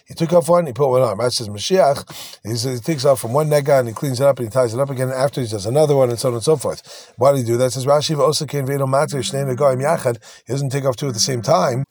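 A man's voice: mid-range voice, fast talker, dry recording. A man giving a text-study lecture, reading passages and explaining them in casual everyday words, acting out the dialogue with animation. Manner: animated retelling with acted-out dialogue. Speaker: teacher.

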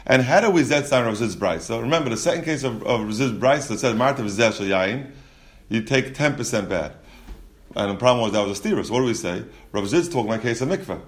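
A man's voice: mid-range voice, expressive, fast. A man teaching a Talmud class, explaining step by step with frequent restarts and repeated words. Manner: explains step by step, asks and answers questions.

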